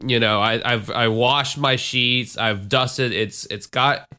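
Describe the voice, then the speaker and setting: Podcast co-host, male, stuffed-up nose, bright edge, swears and stumbles in casual chat. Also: medium pitch, fairly even intonation, slow. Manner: loose and profane, stumbling over words. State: stuffed up, sneezing.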